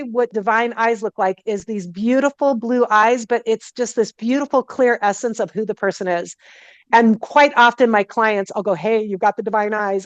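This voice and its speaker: Bright-voiced woman telling a story. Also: a little high, dry recording. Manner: animated, acts out quoted dialogue, many "like" and "I go" fillers. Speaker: guest, energy healer. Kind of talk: casual storytelling in an interview. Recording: dull, dry, muffled recording.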